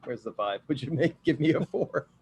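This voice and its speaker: Man, tabletop player, lively swooping pitch, jokey. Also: normal speed, breathy edge. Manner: animated, joking. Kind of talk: casual tabletop play.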